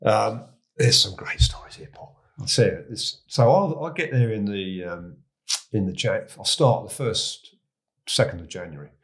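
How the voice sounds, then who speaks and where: A man in his sixties with an English accent, telling stories as a guest in a relaxed, chatty way. His voice sits a bit low, and he stumbles, restarts and chuckles at his own tales. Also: moderate pace. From England. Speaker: guest, retired police chief. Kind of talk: casual anecdotal storytelling.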